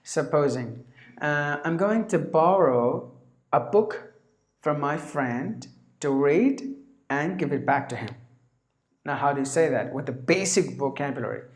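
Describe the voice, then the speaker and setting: A man gives a lesson in a slow, unhurried way and lays out single words one at a time. His voice sits a little high, and he keeps clearing his throat. The room around him echoes. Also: lively intonation. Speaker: English teacher. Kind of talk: spoken English lesson.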